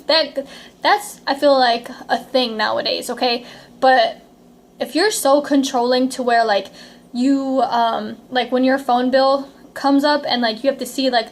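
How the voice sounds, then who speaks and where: A young woman giving frank relationship advice to camera in a chatty, casual way, with lots of "like" and "okay?". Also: high voice. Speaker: advice vlogger.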